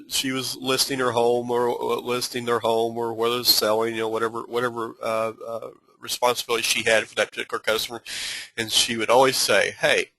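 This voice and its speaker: Bright-voiced man teaching customer service. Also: medium pitch, no echo, rough recording. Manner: halting, many restarts and fillers; earnest, advising tone. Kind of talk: instructional talk.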